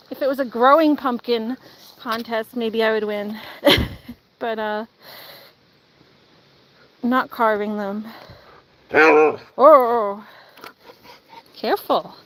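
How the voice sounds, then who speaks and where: A young woman with a bright, high voice talks to her dog in an easygoing vlog. She takes her time, laughs a lot and drifts into sing-song baby talk. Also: extremely slow, long pauses. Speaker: pet vlogger. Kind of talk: casual chat with her dog.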